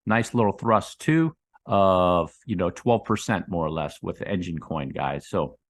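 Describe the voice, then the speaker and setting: A man giving casual commentary on crypto charts, rambling and calling his viewers "guys," with his voice dropping low on those asides. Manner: rambling, addresses viewers as guys, drops low on tag words. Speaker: crypto market analyst.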